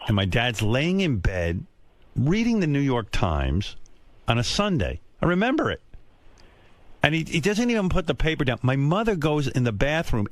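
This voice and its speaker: Brief: male radio host, rambling profane storyteller, very animated delivery, dry studio sound. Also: medium pitch, no echo. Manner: profane, rambling, self-mocking. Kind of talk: casual storytelling chat.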